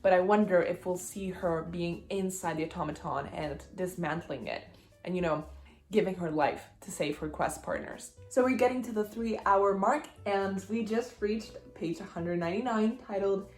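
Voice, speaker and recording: A woman's voice: on the low side, moderate pace, faint music behind. Chatty young woman book vlogger. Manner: chatty and excitable. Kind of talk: casual chat. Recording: roomy echo.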